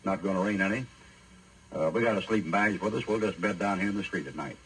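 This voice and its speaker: A man's voice: low voice, fast talker, fairly bright tone, slight background noise, rough recording. A man preacher voicing visiting angels who talk in an offhand, laid-back way. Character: casual, evasive visiting angels.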